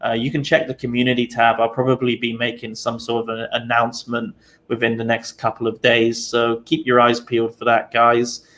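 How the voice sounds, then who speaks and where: A young man from the United Kingdom hosting a live stream, chatting casually with viewers, tired and relaxed, with lots of fillers. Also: mid-range voice, a little fast. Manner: relaxed, chatty, many fillers, laughs easily.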